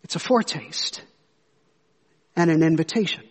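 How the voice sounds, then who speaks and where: Male pastor, high voice, earnest storytelling sermon, church hall reverb. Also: normal speed. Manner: earnest storytelling, rhetorical questions.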